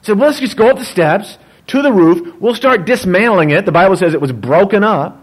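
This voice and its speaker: A man, a pastor, preaching a sermon in an animated, joking storytelling manner. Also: high voice, normal speed, low-quality recording.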